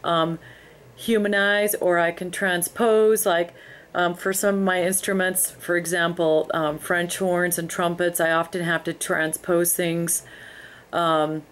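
A woman narrating a screen-recorded tutorial, explaining her steps in an unhurried way with frequent ums. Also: fairly low pitch. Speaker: music software instructor.

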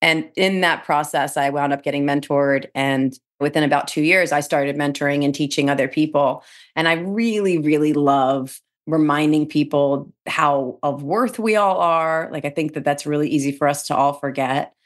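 A middle-aged woman with a notably low-pitched voice tells stories as a podcast guest. She talks in an animated, chatty way, laughing often and restarting her sentences. She is a real estate speaker and trainer from New Jersey. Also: normal speed. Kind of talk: casual interview chat.

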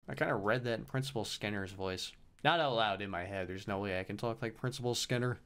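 A man's voice: medium pitch, lively intonation, a little fast, fairly bright tone, clear, resonant tone. A man giving let's play commentary on a video game, joking, swearing casually and reacting with playful disbelief. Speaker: gaming YouTuber.

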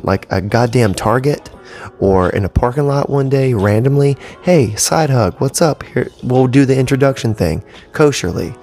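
A man's voice: mid-range voice, darkish tone. A man in his thirties hosting a casual solo podcast from home, talking bluntly with lots of swearing and rambling asides. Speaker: podcast host. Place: home studio with cables. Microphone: podcast mic.

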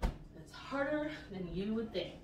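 A woman's voice: on the high side, sing-song, a little slow, background noise. A woman in a casual home workout vlog, counting her reps aloud and chatting frankly while a little out of breath. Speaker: vlogger doing a home workout. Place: room at home. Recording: echoey room, voice from a distance.

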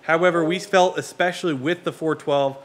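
A man hosting a car build vlog, talking in a relaxed, conversational way with frequent fillers. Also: on the high side, brisk. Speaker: car build channel host. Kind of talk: casual build vlog narration.

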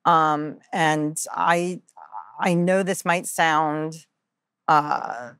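Low-voiced woman on a podcast, earnest story, lots of ums, acts out the lines, dry sound. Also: steady tone, drawn-out words, fairly bright tone, clear, resonant tone, dry recording. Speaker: podcast guest. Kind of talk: candid personal storytelling.

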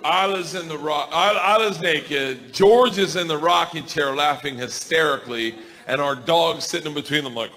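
A man doing stand-up storytelling on a club stage, rowdy and profane, often shouting. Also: on the high side, normal speed. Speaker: stand-up comedian. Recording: stand-up club, crowd laughter, noise.

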